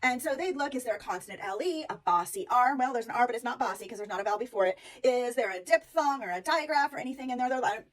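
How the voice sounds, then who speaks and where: A woman teacher walking briskly through a phonics lesson step by step. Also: fairly high pitch, animated, far from the mic. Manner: brisk, walks through steps aloud.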